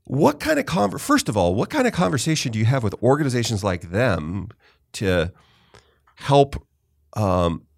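A man's voice: medium pitch, very animated, normal speed, gravelly. A middle-aged man hosting a podcast interview, telling a long story in casual chat and often stopping himself mid-sentence to correct or restart. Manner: rambling storyteller, self-interrupting. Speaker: podcast host.

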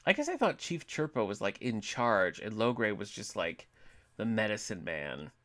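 A man's voice: lowish voice, big pitch swings, normal speed, a bit bright. A man co-hosting a podcast in casual chat, easygoing as he reads out poll results. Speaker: podcast co-host.

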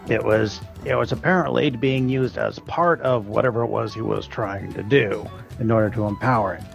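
A man voicing Strax, a scheming party member, in a tabletop role-play, speaking in a measured, pondering way. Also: on the low side, creaky, soft background music. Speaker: player.

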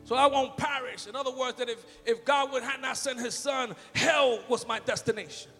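A man preaching a fervent sermon in a church, shouting and calling out hallelujahs. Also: very high voice, steady tone, moderate pace. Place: church sanctuary. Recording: long hall reverb with faint music.

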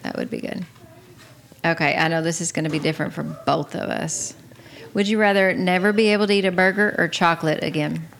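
A woman in her forties chats casually with her husband, her voice sitting low and carrying a gravelly edge. She speaks softly and in a low-key way, playing a question game as co-host. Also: brisk, a little hiss or hum. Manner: soft-spoken, low-key. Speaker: podcast co-host. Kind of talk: casual couples chat.

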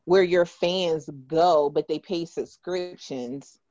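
A woman's voice: lowish voice, slow pace, a little mellow, no room sound, lo-fi sound. A woman co-hosting a podcast in casual chat, laid-back with many fillers. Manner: laid-back, lots of "you know". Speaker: podcast co-host.

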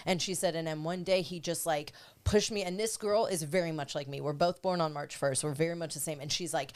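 A woman's voice: sits low, steady tone, moderate pace, few pauses, clear, resonant tone. A woman in casual podcast chat, talking candidly and earnestly about self-growth, swearing freely.

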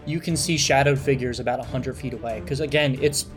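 A man narrating a tabletop game as game master in a relaxed, descriptive way with many fillers. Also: mid-range voice, a little fast, music in the background.

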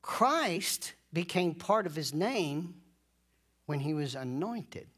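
A man preaching a sermon, leading call-and-response and drawing out key phrases slowly. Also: a little high, expressive, a bit bright, breathy edge. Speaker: pastor.

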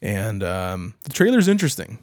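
A man co-hosting a podcast, recapping a show in casual chat, laughing often and acting out lines in animated voices. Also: lowish voice, normal speed, no echo, studio quality. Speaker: podcast co-host.

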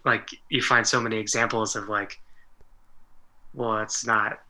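Bright, halting man in casual chat. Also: lowish voice, little pitch movement, poor audio. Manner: halting, fills nearly every phrase with "like". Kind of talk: casual conversation.

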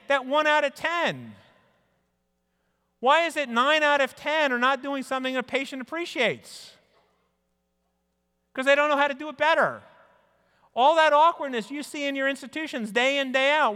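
A man delivers a conference keynote in an animated way, slipping into quoted dialogue as he goes. His voice sits high and bright. The sound rings with the long reverb of a large hall. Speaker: speaker.

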